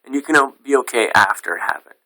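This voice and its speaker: A man's voice: medium pitch, lively intonation, fast talker, bright, forceful tone, low-quality recording. A man teaching as a Buddhist meditation teacher in an informal dharma talk, plain-spoken and frank, with some casual swearing.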